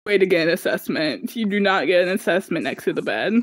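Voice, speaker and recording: A woman's voice: lowish voice, animated, a little fast. A woman streaming a video game, chatting casually with friends, easily startled, laughing and swearing as she plays. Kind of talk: casual gaming commentary.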